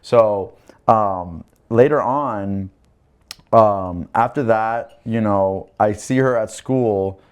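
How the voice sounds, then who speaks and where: A man's voice: lowish voice, drawn-out words, smooth. A young man, a podcast guest telling a personal story casually, with lots of fillers and acted-out quotes. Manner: animated storytelling, acting out quoted voices, many fillers.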